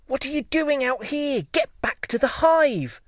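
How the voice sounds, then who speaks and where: A man voicing a weary mother bee who scolds her daughter in a hushed, urgent voice. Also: very high-pitched, expressive, unhurried, dry recording, studio quality, voice pushed up, exaggerated voice. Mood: scolding.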